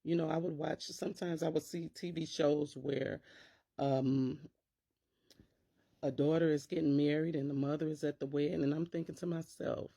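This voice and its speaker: Mellow gravelly lady vlogging, acts out the worried voice in her head. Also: low-pitched, steady tone, moderate pace. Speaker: teacher and parent vlogger. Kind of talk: casual talk to camera.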